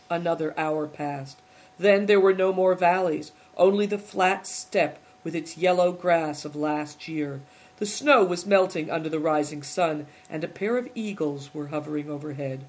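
Here the audiobook narrator speaks at medium pitch, reading a children's novel aloud. The scripted delivery stays steady and measured throughout.

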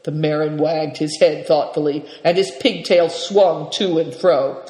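Expressive storybook reader in an echoey room. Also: medium pitch, normal speed, few pauses. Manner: expressive reading with character voices. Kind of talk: storybook narration.

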